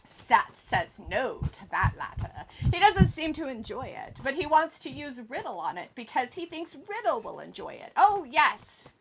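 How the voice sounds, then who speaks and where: Lively, playful woman stream host. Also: high voice, moderate pace, hardly any pauses, a little hiss or hum. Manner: teasing, calls people darling, giggly asides. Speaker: watch-along stream host. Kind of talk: playful live commentary and chat reading.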